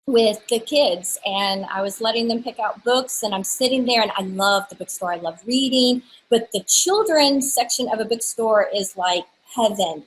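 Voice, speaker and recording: A woman in her thirties with a somewhat high voice, talking about her work in a relaxed interview. She tells it as a chatty, lively story, often restarting her sentences as she goes. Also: slight background noise, low-quality recording. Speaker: guest, stamp designer. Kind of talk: casual interview chat.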